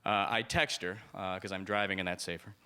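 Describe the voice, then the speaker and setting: A man's voice: low-pitched, fairly even intonation, a little fast, bright, forceful tone, clean tone. A male stand-up comedian delivers a rambling, self-deprecating set on a club stage into a handheld mic, often slipping into voices.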